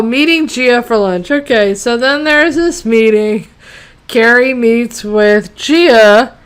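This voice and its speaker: A woman with a fairly high, smooth and clear voice rants casually about a TV episode. She sounds exasperated and sarcastic, swears freely, and rambles through plenty of fillers. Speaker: TV episode reviewer. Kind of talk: casual ranting review.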